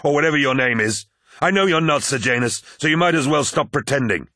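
A man performs a mighty, defiant warrior in an audiobook. His voice is raised higher and louder than the narration. He calls out with urgent force. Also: lively intonation, fairly quick, dry recording, studio quality. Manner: shouting urgently.

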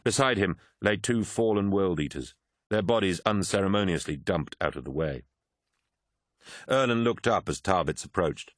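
A man reading a war novel aloud as an audiobook narrator, in measured, grave storytelling. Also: deep voice, animated, no echo, studio quality. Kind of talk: scripted narration.

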